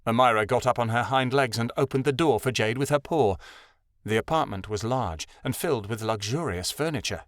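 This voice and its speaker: In a clean studio recording with no room sound, a man with a mid-range voice reads a young adult fantasy audiobook. His scripted narration is even and measured.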